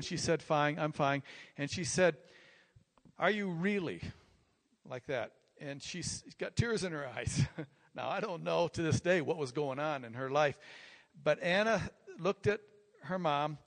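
An older man, a pastor, telling a personal story in sermon style, rambling and repeating himself, growing animated. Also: fairly high pitch. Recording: long reverb from a large hall.

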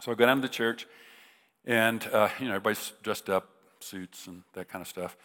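In a reverberant hall, a visiting preacher from the United States, a middle-aged man, shares a funny story in his sermon, speaking casually and restarting a lot. His voice is fairly low, brisk and a little bright.

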